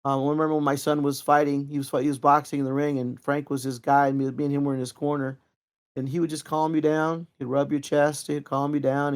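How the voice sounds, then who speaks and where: A middle-aged man with a fairly high voice tells old stories in a loose, rambling way. He talks casually, with lots of fillers and restarts, and gets lively when he acts out what his old teacher said. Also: quick pace, clean tone. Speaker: interview guest, Kempo practitioner. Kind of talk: casual storytelling.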